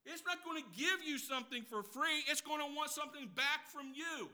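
A man preaching a sermon as pastor. He counts off numbered points, asks the congregation questions and drops from loud emphasis to hushed asides. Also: very high-pitched, fairly quick.

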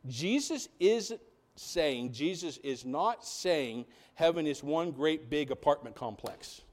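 A man's voice: fairly high pitch, lively intonation, slow. A man preaching a sermon in a church, full of rhetorical questions and building emphasis. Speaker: pastor. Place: church sanctuary.

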